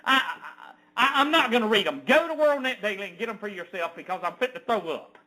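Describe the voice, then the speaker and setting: A man ranting as an online news commentator, reading an article aloud with indignant, sarcastic outbursts that swing from loud to low. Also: lively intonation, fast talker, low-quality recording.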